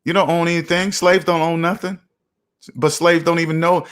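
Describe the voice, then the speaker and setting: A man's voice: on the high side, level tone, moderate pace, fairly bright tone, smooth. A man hosting a finance livestream. He lectures emphatically, repeats lines for effect and answers chat comments in a preachy manner. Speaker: finance channel host.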